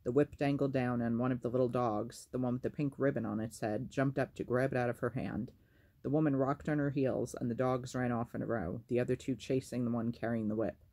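Gravelly man reading a novel aloud. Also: medium pitch, steady tone, brisk, a little mellow. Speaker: storyteller.

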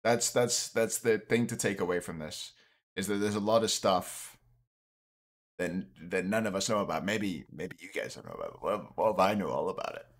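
A slightly tipsy young man, a streamer and caster, chats on a late-night stream in a rambling way, trailing off and restarting sentences frequently. His fairly low voice is animated and moves at normal speed.

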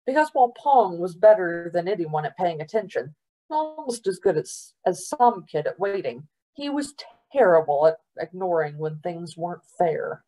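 A woman storyteller reading a novel aloud for a library program, unhurried and expressive. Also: fairly low pitch.

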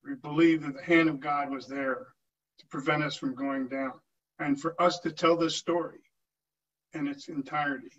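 A man's voice: a little high, fairly even intonation, normal speed, a bit bright. An older man speaking earnestly at a town hall meeting, often restarting his sentences. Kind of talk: informal address to a meeting. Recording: distant muffled lo-fi recording.

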